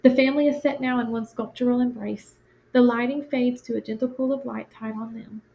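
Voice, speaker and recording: A woman teacher with a fairly high voice reads stage directions and explains the story to her class. Her manner is plain and conversational. The recording sounds dull and lo-fi. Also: fairly even intonation, brisk, creaky, warm tone. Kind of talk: reading a play aloud and explaining it to a class.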